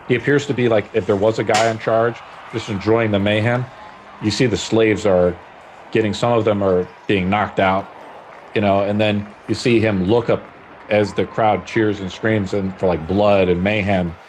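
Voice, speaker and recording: A man's voice: on the low side, slight background noise. A man narrating a tabletop game as game master, rambling with lots of fillers. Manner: rambling, lots of "like" and "you know".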